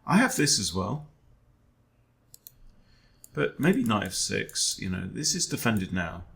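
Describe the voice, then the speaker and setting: A man's voice: lowish voice, very animated, slow pace, creaky, a bit bright. A man, a chess coach, thinking aloud during an online game in a wry, self-deprecating way, often muttering to himself.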